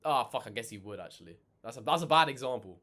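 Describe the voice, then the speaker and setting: A man ranting in casual reaction commentary, animated and swearing a lot, exasperated. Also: mid-range voice, quick pace. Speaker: reaction channel host.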